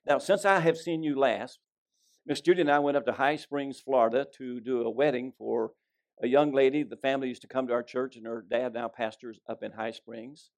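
A man's voice: medium pitch, fairly even intonation, a little fast, vocal fry. A middle-aged man, a pastor, preaching a sermon in a folksy storytelling way and reading scripture aloud. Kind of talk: sermon with jokes.

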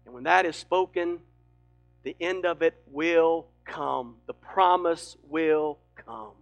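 A high-voiced male preacher delivers a sermon with dramatic swings between booming emphasis and hushed, weighty lines. His delivery is emphatic and driving. Faint music plays softly behind him. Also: takes it slowly, creaky, highs cut off. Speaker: pastor.

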